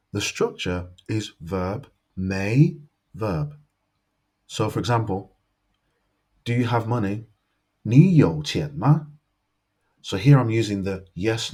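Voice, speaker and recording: Slow, dark-voiced male language teacher. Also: fairly low pitch, slightly rough. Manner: slow, careful modeling of example sentences. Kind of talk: scripted language lesson.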